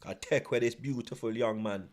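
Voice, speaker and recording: A man voicing a jealous Jamaican woman, slow and scornful in a put-on Jamaican accent. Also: medium pitch, a little mellow, voice pushed down, close to an everyday voice. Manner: scornful, drawling.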